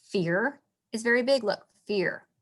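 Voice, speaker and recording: A woman's voice: fairly high pitch, expressive, measured pace. A woman teaching in a casual, chatty way, reading lines aloud and stopping to explain them, with a lot of "like". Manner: chatty, reads lines aloud, says "like" often.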